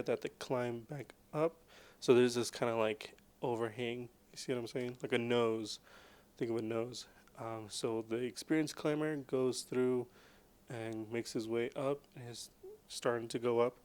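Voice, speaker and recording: A man in a loose, casual movie recap, rambling and full of fillers. His voice is smooth and resonant, recorded close and dry. His pitch sits in a plain middle range. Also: no echo. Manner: rambling, filler-heavy, laid-back.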